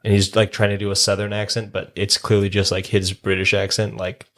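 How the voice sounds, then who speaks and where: A man's voice: lowish voice, flat delivery, fairly quick, fairly bright tone. A young man co-hosting a casual movie podcast, making dry jokes while chatting in a room with friends. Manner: dry, joking. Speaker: podcast co-host. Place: room with cameras.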